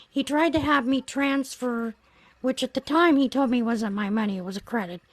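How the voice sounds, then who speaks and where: A woman with a fairly high voice talks through a personal story on her livestream. She speaks earnestly and reflectively. The sound is dry and close, with no room echo. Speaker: livestream host. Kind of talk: casual storytelling.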